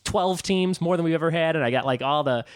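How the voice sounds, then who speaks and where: Man, podcast host, rapid speech, rambling and filler-heavy, dry close mic. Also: a little high, smooth, no echo. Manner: rambling storyteller, lots of fillers. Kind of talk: casual chat.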